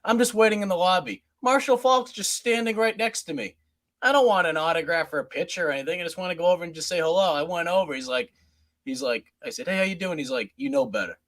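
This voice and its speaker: A man from the Boston area co-hosting sports radio, telling stories in a loud, animated, laughing way. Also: sits high, fast. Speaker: radio co-host. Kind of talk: casual sports radio banter.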